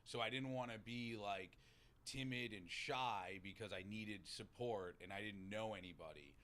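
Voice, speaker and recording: Guy w a boston accent, kinda low voice but bright, telling stories loose and animated, cusses a lot. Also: moderate pace. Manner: animated, swearing, acts out quotes. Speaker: podcast guest in recovery. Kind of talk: casual storytelling chat.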